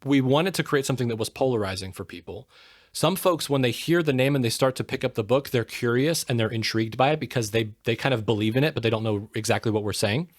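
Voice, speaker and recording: A man's voice: mid-range voice, quick pace, no echo, clean studio sound. A man talking as a podcast guest, earnest and emphatic, often asking rhetorical questions. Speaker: podcast guest, book co-author. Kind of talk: casual interview talk.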